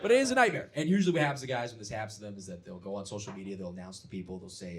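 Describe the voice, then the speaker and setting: A young man from Florida doing a stand-up comedy set on a club stage, dropping to low mumbled asides and then shouting his punchlines. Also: very animated, rapid-fire, background noise. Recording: roomy club sound. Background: audience laughter.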